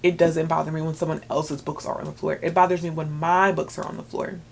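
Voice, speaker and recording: Chatty, gravelly-voiced woman book vlogger. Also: low voice, fast talker, slight background noise. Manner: chatty and excitable, with filler words. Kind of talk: casual chat.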